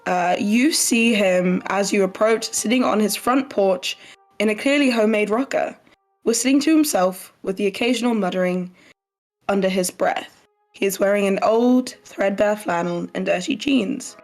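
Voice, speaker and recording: A woman running a tabletop game, describing the scene to the players in measured narration. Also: mid-range voice, soft background music, poor audio. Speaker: game master.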